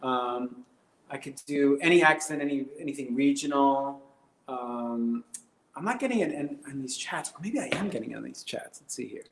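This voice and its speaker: A man's voice: mid-range voice, lively intonation, normal speed, gravelly, a little hiss or hum. A man doing rambling, hesitant stand-up comedy on a live stream, full of fillers and absurd bits. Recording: roomy echo.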